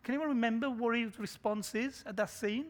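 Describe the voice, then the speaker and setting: A male pastor preaching an urgent sermon, swinging between loud emphasis and near whispers. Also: very high-pitched, a little fast. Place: church in a shopping complex.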